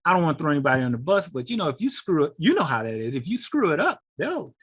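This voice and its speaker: A middle-aged man, a guest on an interview show, telling a personal story in an animated and emotional way. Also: on the high side, fast, slightly rough. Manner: animated, acts out quoted voices, gets emotional.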